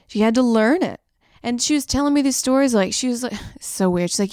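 A woman with a fairly high, smooth, resonant voice, talking loosely as a podcast co-host. She rambles, laughs at her own stories and swears casually. The sound is dry and close, with no room around it. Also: fairly quick, a little mellow, dry recording. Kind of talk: casual chat.

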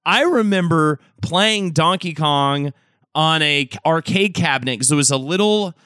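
A man co-hosting a comedy podcast, his voice fairly high and bright, talking in a quick, rambling, joking way. He is close and dry on the mic. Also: animated, clean tone, no echo. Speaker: podcast co-host. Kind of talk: casual comedic chat.

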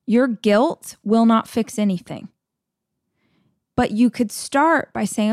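A woman's voice: a little high, slow pace, long pauses, darkish tone, no room sound, clean studio sound. A middle-aged woman hosting a podcast, giving an earnest, encouraging motivational talk with emotional storytelling. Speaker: podcast host.

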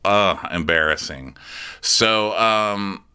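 A man co-hosting a comedy recap podcast, wry and quick to act out scenes. His voice is bright and crisp, smooth and resonant. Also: fairly low pitch. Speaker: podcast co-host.

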